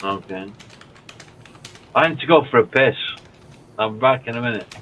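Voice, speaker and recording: Bright, mocking man. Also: medium pitch, normal speed, muffled recording, slight background noise. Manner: mocking, rhetorical questions. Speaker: panelist. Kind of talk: casual banter.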